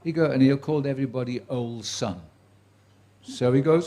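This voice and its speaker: Here the seventy-something commentator speaks briskly in a mellow, mid-range voice with big swings in pitch. Chatty and dryly witty, he regales a live audience with career tales, acting out the quoted voices.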